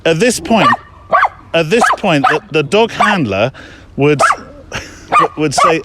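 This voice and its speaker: A man's voice: a little high, big pitch swings, slow pace, long pauses, heavy background noise. A man hosting his show in a casual, rambling monologue while out on a muddy countryside walk, chatting and joking with his dog between thoughts. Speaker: podcast host.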